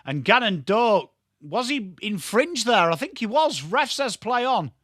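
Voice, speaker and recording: A man with a strong Yorkshire accent giving live football watchalong commentary, excitable and sweary, chatting to viewers by name. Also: high voice, measured pace, dry recording, clean studio sound. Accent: Yorkshire English. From Yorkshire, England. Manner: excitable, sweary banter addressed to chat viewers. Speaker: watchalong streamer.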